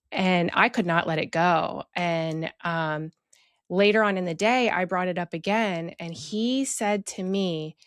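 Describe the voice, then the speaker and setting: A woman's voice: fairly low pitch, steady tone, normal speed, dry recording, studio quality. A woman telling a personal story of emotional abuse in a candid, reflective way, with many fillers. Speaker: podcast guest sharing her story.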